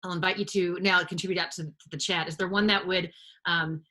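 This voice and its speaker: A woman's voice: fairly low pitch, fairly even intonation, brisk, sharp tone. A woman presenting a live online workshop on a video call, talking with many fillers and restarts.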